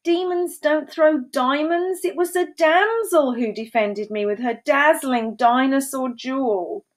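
A woman's voice: a little high, fairly even intonation, voice pushed up. A woman doing a lordly dinosaur duke. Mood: commanding. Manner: lordly, drawn-out declaring. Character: grand male dinosaur duke, haughty and romantic. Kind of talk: storybook read-aloud.

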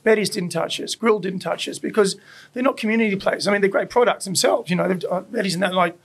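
A fast-talking Australian man with a high, gravelly voice. He tells stories in a casual interview, swears freely and acts out the people he quotes. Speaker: burger restaurant owner, guest. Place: his burger restaurant.

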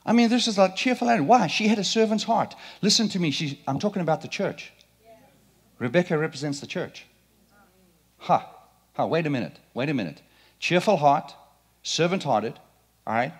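A middle-aged man preaching a sermon in a church, playful and animated, quizzing the congregation. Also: on the high side, normal speed, long pauses, slightly rough. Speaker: pastor. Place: church sanctuary.

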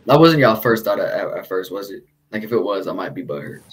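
A man's voice: on the low side, lively intonation, quick pace, poor audio. A man hosting a casual chat with a light Texan accent, talking in a laid-back, slangy way and swearing freely. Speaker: podcast host.

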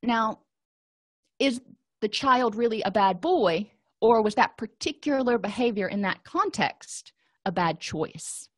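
Middle-aged lady counselor lecturing calmly, dry close sound. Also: on the high side, takes it slowly, no echo. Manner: calm, explanatory, walks listeners through exercises. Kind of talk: recorded lecture.

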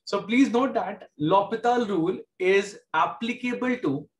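A man's voice: sits high, unhurried, roomy sound. A man teaching a math class with an Indian English accent, explaining step by step and repeating key points. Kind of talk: classroom lecture.

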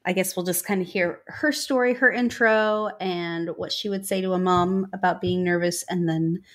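A woman co-hosting a podcast, introducing a guest in a relaxed, easygoing way. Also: lowish voice, normal speed. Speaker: podcast co-host.

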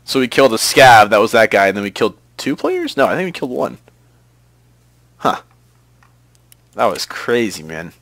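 A young man giving tense live commentary on a shooter game, dropping to whispers and breaking into panicked yells. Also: on the low side, very animated, moderate pace, long pauses, no room sound. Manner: jumpy, swings from whispers to panicked yelling. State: out of breath. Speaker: gaming commentator.

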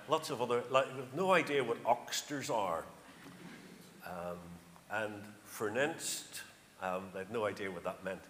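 A man's voice: mid-range voice, pushed and bright. A middle-aged man with a County Armagh accent gives a chatty, anecdotal church talk as a charity speaker, stressing his numbers. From Northern Ireland. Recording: echoey church hall, faint noise.

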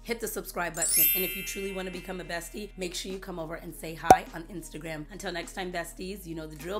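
A woman's voice: fairly low pitch, steady tone, fast talker, few pauses, loud music behind the voice. A woman beauty vlogger chatting casually to camera, bubbly and talkative, repeating words for emphasis.

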